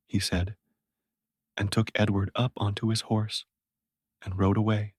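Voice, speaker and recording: A man narrating a classic story for English learners. His voice is low and husky, and he reads at a slow, careful pace. The recording is close and dry. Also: no echo.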